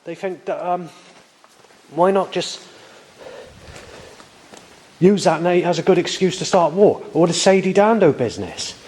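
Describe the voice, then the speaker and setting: A man's voice: high voice, animated, a little slow, pauses often, a little mellow, breathy edge. A man, recording a rambling spoken video diary outdoors on a muddy path with a handheld camera, talking in an agitated, swearing way. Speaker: video diarist.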